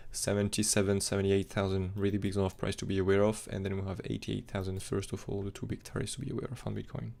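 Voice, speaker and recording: A crypto chart analyst streamer talks fast in a gravelly, fairly low, darkish voice with a level tone. His live-stream technical analysis chat rambles along in non-native phrasing packed with fillers.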